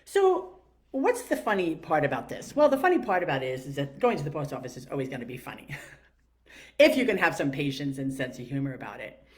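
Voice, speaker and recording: A woman's voice: low voice, sing-song, a little fast, slight background noise. A middle-aged woman with a New York accent, telling a reflective story with many fillers and self-questions. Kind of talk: reflective monologue.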